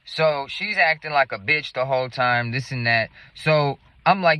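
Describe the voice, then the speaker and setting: A man's voice: a little high, measured pace, pauses often, dry recording, muffled recording. A man telling a story in a casual, rambling, profane way.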